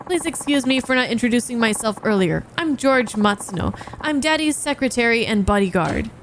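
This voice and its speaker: A woman voicing a polite, formal male secretary and bodyguard, speaking in a measured way while reading game dialogue. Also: a little high, animated, a little hiss or hum.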